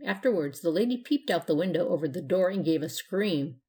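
A woman narrating a children's storybook in a steady, gentle way. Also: lowish voice, fairly quick, few pauses. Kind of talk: storybook reading.

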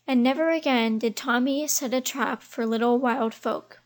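A woman reading a children's animal storybook aloud in a gentle, measured way. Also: fairly high pitch. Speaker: audiobook reader. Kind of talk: storybook narration.

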